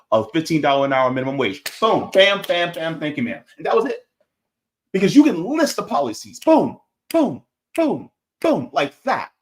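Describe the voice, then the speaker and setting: A man hosting a political livestream, talking casually and reading out chat comments, animated and sarcastic, jumping from loud outbursts to low mutters. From United States.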